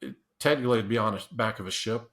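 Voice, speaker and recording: A podcast guest tells casual stories in an interview, his voice on the low side, slightly bright, and quick. He rambles, restarting often and laughing, and acts out the quotes he tells.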